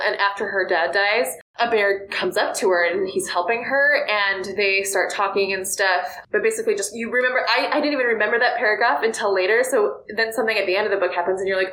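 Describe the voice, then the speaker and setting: Chatty woman, gushing, filler-heavy, mid pitch, roomy recording. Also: a bit bright. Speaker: book reviewer. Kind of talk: casual book chat. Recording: roomy echo.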